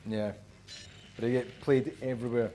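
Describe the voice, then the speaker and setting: A man's voice: mid-range voice, steady tone, normal speed. A Scottish man co-hosting a game stream, easygoing and laughing often while greeting viewers in a small studio. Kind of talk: casual let's-play chat. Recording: loud background noise hiss.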